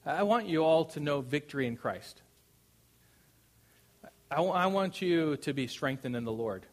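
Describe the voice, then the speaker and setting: Male preacher, slightly high voice, talks through scripture casually with repeated restarts. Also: lively intonation, measured pace. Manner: conversational preaching with fillers, rising to loud proclamation. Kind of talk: sermon.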